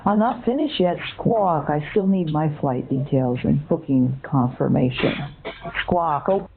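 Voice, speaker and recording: A dotty old woman who thinks she is a parakeet, voiced by a text-to-speech woman, sweetly muddled and forever slipping into squawks and chirps. Her voice sits a little low. It comes through a thin, phone-line sound. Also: expressive, a little slow, soft background music. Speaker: scam-baiting bot.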